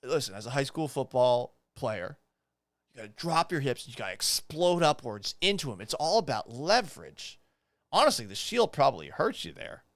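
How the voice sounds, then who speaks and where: A young man hosts a podcast, reading items aloud and mocking them with sarcastic, profane disbelief, his pitch leaping up whenever he gets exasperated. His voice is sing-song and fairly bright at a normal speed. There's no room sound in this casual commentary.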